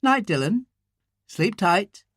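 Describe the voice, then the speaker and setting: A man's voice: high voice, very animated, slow, fairly bright tone, no room sound, clean studio sound, pitched above the performer's own voice, exaggerated voice. A man playing a flirtatious, teasing woman. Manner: playful and flirtatious. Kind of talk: audiobook character reading.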